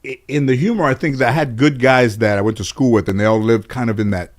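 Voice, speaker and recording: Guest storyteller from Los Angeles: a man with a mid-range voice, animated and conversational, swears freely and restarts his sentences. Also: mid-range voice, fast. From Los Angeles, USA. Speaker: guest telling life stories.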